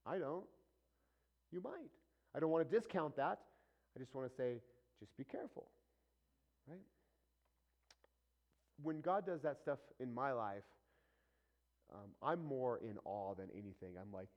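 A middle-aged man preaching a conversational sermon, casual and animated, acting out the voices of the people he quotes. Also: medium pitch, highs cut off. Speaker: pastor.

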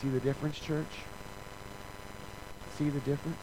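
A man's voice: on the high side, flat delivery, normal speed, mellow, slight background noise, low-quality recording. A man preaching a sermon in a church, talking in a conversational, joking way and acting out other people's lines. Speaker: pastor.

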